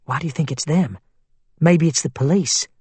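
A worried, skeptical woman questions and reasons in a level tone, as a male narrator voices her. The voice is husky. The recording is close and dry. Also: fairly high pitch, moderate pace, warm tone, no room sound.

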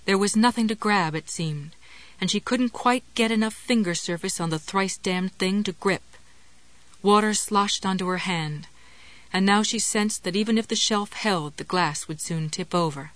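A woman reading a novel aloud as an audiobook narrator, in a measured storytelling delivery. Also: lowish voice, fairly bright tone, dry recording. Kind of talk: scripted narration.

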